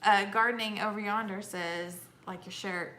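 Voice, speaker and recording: A woman's voice: mid-range voice, fairly even intonation, normal speed, sharp tone. A woman co-hosting a live stream, chatting casually and reading viewer comments aloud. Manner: reads viewer comments aloud, laughs often.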